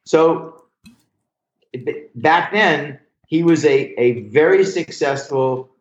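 A man's voice: fairly high pitch, slow. Storytelling comedian, man, roomy dull sound. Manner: animated storyteller, acts out quotes, swears freely. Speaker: comedian and joke writer. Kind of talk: casual storytelling interview.

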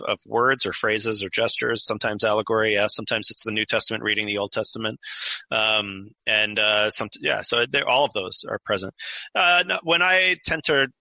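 A man with a very bright, forceful tone and a fairly low pitch talks as a podcast guest, explaining at length and drifting into asides full of fillers. The sound is dry and close, with no room around it. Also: creaky, dry recording, rough recording. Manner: explanatory, digressive, with many fillers. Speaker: guest author. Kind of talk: conversational podcast interview.

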